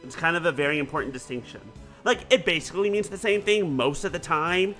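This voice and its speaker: Brief: casual game streamer, slightly high, sharp-toned, quick to swear. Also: male voice, soft background music. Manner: excitable, swears freely, explains in a chatty way. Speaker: let's play streamer.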